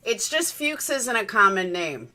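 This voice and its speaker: Bright-voiced chatty woman streamer. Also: a little high, sing-song, measured pace. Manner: chatty, rambling, reacting to a live feed. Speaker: livestream host. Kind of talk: casual live commentary.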